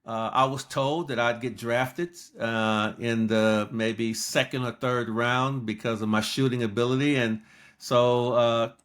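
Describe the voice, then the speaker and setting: A man's voice: medium pitch, steady tone, unhurried, fairly bright tone. A man in his sixties from Los Angeles, a guest telling his story in an interview and acting out quoted lines. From Los Angeles, United States. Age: 60s.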